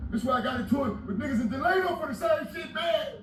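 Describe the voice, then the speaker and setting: Loud profane man in his forties. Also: very high-pitched, fast. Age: 40s. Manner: loud, profane, animated retelling with shouted outbursts. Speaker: guest telling prison stories. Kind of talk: storytelling interview. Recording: roomy echo, distant mic, audible noise.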